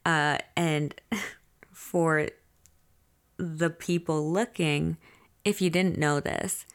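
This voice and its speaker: Candid podcast host, a woman with a lowish, gravelly voice who tells her story straight to the listeners. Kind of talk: confessional diary storytelling.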